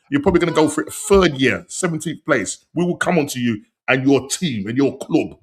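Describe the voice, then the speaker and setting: Host, male, animated casual football chat with plenty of slang, mid-range voice. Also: mid-range voice, fairly quick, few pauses. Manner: animated, slang-heavy, laughs often. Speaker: podcast host.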